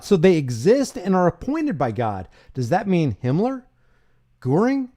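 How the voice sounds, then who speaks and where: A man's voice: on the high side, sing-song, moderate pace, warm tone. A man hosting a casual stream, reading verses aloud and rebutting them with sarcastic, mocking asides. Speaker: channel host, commentator. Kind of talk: casual live-stream commentary.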